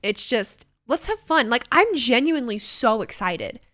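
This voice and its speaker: A young woman hosting a casual livestream, excitable and swearing freely as she reacts to chat comments. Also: on the high side, unhurried, no room sound, studio quality. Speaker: livestream host.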